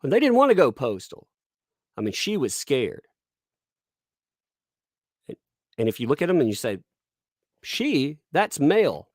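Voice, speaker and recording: Give me a sarcastic male streamer with a lively, bouncing pitch, recorded dry and close. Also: measured pace, long pauses, no room sound. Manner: mocking, sarcastic, laughing often; puts on squeaky mocking voices when quoting people. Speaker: live-stream host. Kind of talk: live-stream commentary reading chat.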